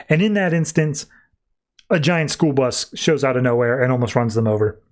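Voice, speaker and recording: A man hosting a podcast, retelling a comic in a quick, rambling way full of fillers. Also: mid-range voice. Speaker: podcast host. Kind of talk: casual comic recap.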